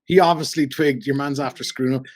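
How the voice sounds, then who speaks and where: A middle-aged man with a Cork Irish accent, a radio broadcaster telling animated anecdotes in a casual chat and acting out the voices he quotes. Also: mid-range voice, fast talker. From Ireland. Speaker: podcast guest, radio broadcaster.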